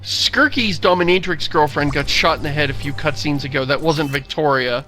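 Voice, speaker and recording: A man's voice: a little high, normal speed, pushed and bright. A man co-hosting a casual video game commentary, recapping the story in a wry, sardonic way. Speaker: co-host of a game commentary show. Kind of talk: casual gaming commentary chat.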